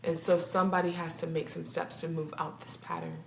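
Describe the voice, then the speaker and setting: A woman's voice: deep voice, flat delivery, fairly quick, gravelly. A woman couples therapist talking casually to her viewers, laughing often and tripping over her words. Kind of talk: casual talk to camera. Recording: roomy echo, faint background hum.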